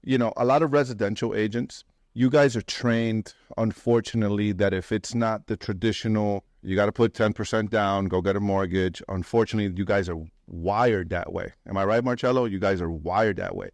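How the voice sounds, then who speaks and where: A man's voice: fairly low pitch, fairly even intonation, brisk, few pauses, no room sound, clean studio sound. A man speaking as a real estate investor and mentor to a live meetup audience, blunt and swearing, acting out other people's lines in a raised voice. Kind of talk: animated talk to a live audience. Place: meetup room.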